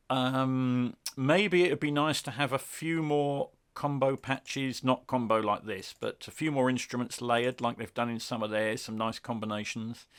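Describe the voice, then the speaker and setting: A British man giving a casual, wry spoken review of music software, chatty and self-deprecating. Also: medium pitch. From Britain.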